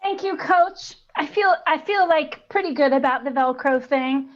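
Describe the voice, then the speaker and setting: A woman's voice: high-pitched, normal speed, muffled recording. A woman on a video call improvising a tired sixteen-year-old skater who hesitates and fills with ums. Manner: hesitant, filler-heavy. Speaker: improv performer.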